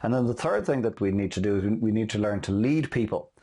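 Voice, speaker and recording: A man hosting a motivational talk on selling, telling stories quickly with many fillers and restarts. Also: on the low side, expressive, mellow, breathy edge. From Ireland. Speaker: host and sales motivational speaker. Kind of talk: casual motivational talk with anecdotes.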